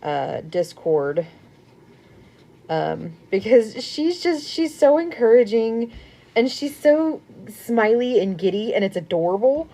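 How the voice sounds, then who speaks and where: A young woman chatting casually on a crochet live stream at home. She rambles, laughs often and sometimes drops to a soft murmur. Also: on the high side, very animated, takes it slowly.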